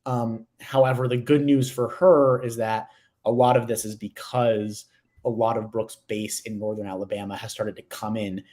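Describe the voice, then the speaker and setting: A man giving casual analytic commentary on election returns, measured with some hesitations. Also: fairly low pitch, flat delivery, warm tone.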